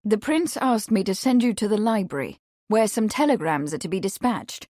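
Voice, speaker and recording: A woman voicing a kindly gentleman investigator with a measured manner. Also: mid-range voice, lively intonation, dry recording, clean studio sound, close to an everyday voice. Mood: businesslike.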